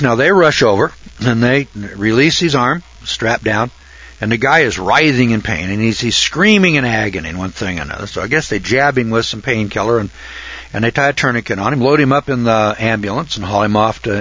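An older man tells a long, rambling story in a folksy drawl, full of fillers and restarts, before turning to Bible commentary. His medium-pitched voice is husky and a bit bright, with lively intonation and a fairly quick pace. The recording is dull and lo-fi.

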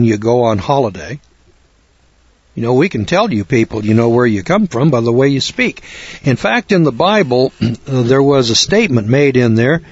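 A man's voice: medium pitch, darkish tone, breathy edge, dry recording, dull audio. An older American man giving informal, rambling Bible teaching in a folksy manner with frequent restarts. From United States.

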